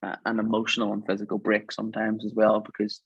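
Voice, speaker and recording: A man's voice: lowish voice, completely flat delivery, fast talker, breathy edge, dry recording, dull audio. A man talking as a podcast guest, telling a reflective, earnest story in a casual chat.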